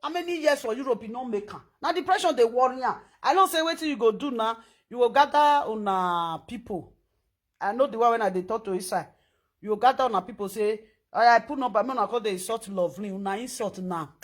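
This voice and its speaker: Animated Nigerian Pidgin woman ranting. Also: on the high side, a little fast. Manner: animated, loud and scolding, switching between pidgin and English. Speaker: social media personality. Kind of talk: social media rant.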